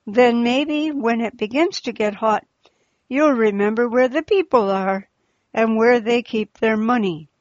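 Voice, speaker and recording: A woman's voice: on the high side, a little slow, dry recording, close to an everyday voice. A woman voicing a gang of male rebel robbers who snarl and mock threats, in a slightly muffled recording.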